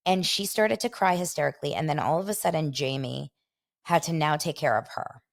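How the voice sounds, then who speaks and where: A woman hosting a casual gossip podcast, telling a story with lively retelling of who said what. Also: fairly quick, gravelly. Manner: animated storyteller, acts out quotes in a higher voice. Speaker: podcast host.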